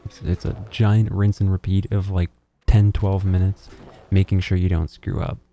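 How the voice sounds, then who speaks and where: A young man giving a relaxed, rambling voice-over guide to a boss fight, full of fillers and restarts. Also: lowish voice, a little hiss or hum. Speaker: gaming video host. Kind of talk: casual gameplay guide voice-over.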